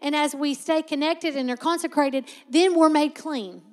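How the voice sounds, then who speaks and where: A woman preaching a sermon as a Bible teacher, conversational but emphatic and slowing sharply to stress key words. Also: high voice, steady tone, long reverb tail.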